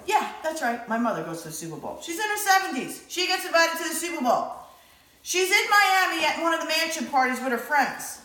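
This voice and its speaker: A chatty, excitable woman walks through a home cooking demo, her voice pitched high. She rambles with plenty of fillers. The kitchen around her rings with echo. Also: brisk. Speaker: home cook. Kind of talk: casual cooking demonstration.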